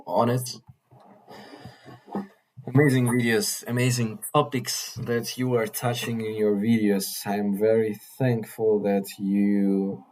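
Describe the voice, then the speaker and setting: A man vlogging in a casual monologue, earnest and halting, often repeating and restarting his phrases. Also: lowish voice, a little mellow, poor audio. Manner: earnest, mildly swearing.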